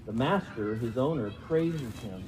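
A man's voice: medium pitch, lively intonation, a little slow, a little mellow, a little hiss or hum. A man preaching a sermon in a chatty, self-deprecating way, asking the congregation to repeat words. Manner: conversational, self-deprecating, asks the room questions. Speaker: pastor. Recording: reverberant hall, dull lo-fi sound.

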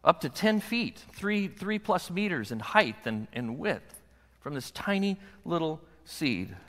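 An older man, a pastor, preaching a sermon to his congregation, animated and acting out the voices of his kids and wife. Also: a little high, measured pace, in a large hall. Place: church sanctuary.

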